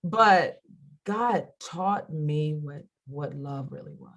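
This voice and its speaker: A woman's voice: sits low, takes it slowly. A middle-aged woman, a radio host and comedian, chatting candidly as an interview guest and acting out the voices of people she quotes. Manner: animated storyteller who acts out quoted voices. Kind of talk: candid faith interview chat.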